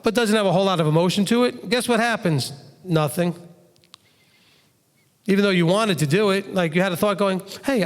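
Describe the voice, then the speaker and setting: A man with a high voice gives a conversational Bible teaching, lively and full of rhetorical questions. He acts out little quotes as he explains. His voice carries a long hall reverb.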